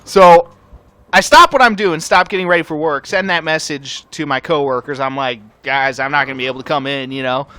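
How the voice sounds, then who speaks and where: A young man hosting a gaming channel, telling a rambling, profane story over gameplay in a casual, animated way. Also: a little high, fairly quick, no echo.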